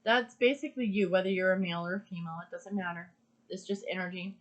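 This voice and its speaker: A woman's voice: lowish voice, fairly even intonation, fast. Earnest woman giving a card reading. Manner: earnest, emphatic, repeats phrases for stress. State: emotional. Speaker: tarot card reader.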